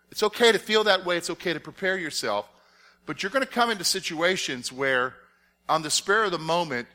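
A man's voice: fairly high pitch, bright, forceful tone. A man giving a conversational sermon as a pastor, explaining step by step and often checking whether everyone understands. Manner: explains step by step, asks the audience rhetorical check-in questions. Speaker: pastor teaching a Bible study.

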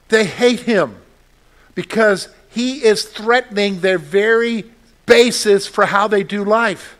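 Man, pastor, radio sermon, fairly high voice, animated delivery, acts out quotes.

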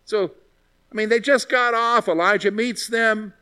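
A man's voice: high voice, steady tone, measured pace, pushed and bright, clear, resonant tone. A man teaching a Bible study, retelling scripture in a conversational way and asking rhetorical questions.

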